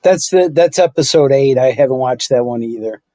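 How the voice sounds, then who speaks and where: A man's voice: mid-range voice, moderate pace, warm tone, no room sound. A middle-aged man co-hosting a podcast in casual chat, rambling and correcting himself as he goes. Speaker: podcast co-host.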